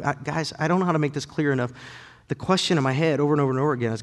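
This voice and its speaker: A man in his thirties preaching a sermon and telling personal stories, lively and animated, his voice rising and getting loud when excited. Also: on the high side, rapid-fire, big-room sound. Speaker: pastor.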